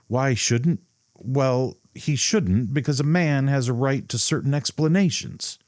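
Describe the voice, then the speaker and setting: A man's voice: medium pitch, unhurried, darkish tone, no room sound, voice pushed up, natural voice. A man voicing a proud, hot-headed young man who speaks indignantly and demands answers.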